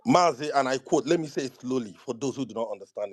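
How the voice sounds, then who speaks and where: A man's voice: mid-range voice, expressive, fast talker, few pauses. A man with a Nigerian accent defending his words in a heated online debate. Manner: defensive, insists he is right. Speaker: debate participant. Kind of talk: heated argument.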